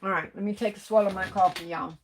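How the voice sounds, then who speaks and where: A middle-aged woman chats through her livestream, reading out comments and greeting each viewer warmly. Her voice sits in an ordinary middle pitch, and she sounds a little rough as she holds back coughs and sneezes. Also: steady tone, fast talker, slight background noise. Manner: chatty, greets viewers warmly with "hey, baby". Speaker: livestream host. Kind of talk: casual live chat reading comments.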